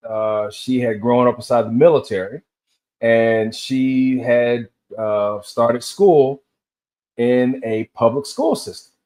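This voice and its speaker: This fifties-aged vlogger from Tennessee talks slowly, his mid-range voice a little mellow. Alone on camera, he rambles through a rant, telling meandering stories that slip between tangents.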